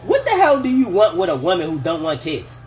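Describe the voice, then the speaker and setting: High-voiced, animated man on a livestream. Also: a little fast. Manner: animated, profane, laughs often, acts out quoted voices. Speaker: livestream host giving relationship advice. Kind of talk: casual livestream talk. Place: home kitchen.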